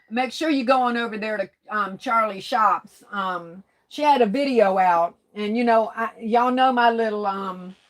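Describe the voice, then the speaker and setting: On a craft livestream, a woman of medium pitch reads out comments from viewers, teasing them in a homespun way. Laughter comes frequently.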